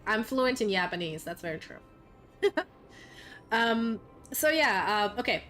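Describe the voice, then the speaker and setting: A young woman streamer with an expressive, medium-pitched voice talks a little slowly over music. Chatting casually with her viewers on a live stream, she laughs and swears often and sometimes slips into a playful mock Scottish accent.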